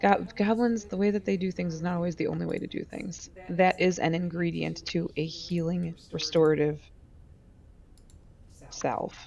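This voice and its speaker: A woman's voice: on the low side, steady tone, moderate pace, vocal fry, a little mellow, muffled recording. A woman playing a tabletop game, chatty and explaining her character's plans. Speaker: player.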